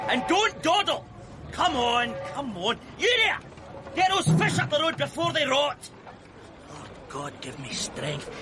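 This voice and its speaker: A man's voice: very high-pitched, noisy background, exaggerated voice. An actor playing a brusque dockside foreman in a period crime drama, barking orders. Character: gruff dockside foreman, bossy and impatient.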